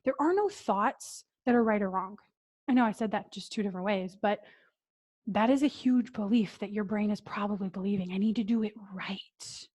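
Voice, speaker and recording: A woman business coach leading a training, deliberately talking slowly and calmly, with breathy sighs and soft whispered moments. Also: mid-range voice.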